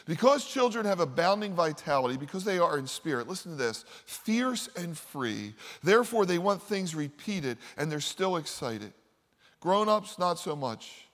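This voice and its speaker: A man's voice: on the high side, very animated, moderate pace. Preaching man in a reverberant hall. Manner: storytelling preacher, dynamic swings from loud to hushed. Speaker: pastor. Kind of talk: sermon.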